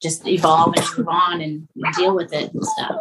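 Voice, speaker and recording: A woman, a guest's parent, chiming in with quick, offhand comments in a casual interview. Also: on the low side, wildly swooping pitch, background noise.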